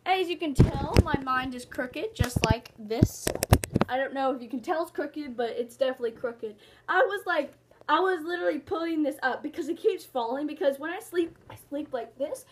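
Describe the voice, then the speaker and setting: Casting: high-pitched woman, student host of her own vlog, giggly, jokey, rambling. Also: noisy background. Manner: jokey, giggly, talks in silly asides. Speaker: YouTuber hosting her own channel. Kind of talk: casual rambling vlog chat.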